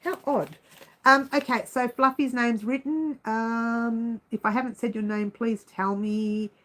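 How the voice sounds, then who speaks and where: Woman, livestream host, casual chat, animated, slightly high voice. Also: a little slow, low-quality recording. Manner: chatty, animated, talks to viewers by name.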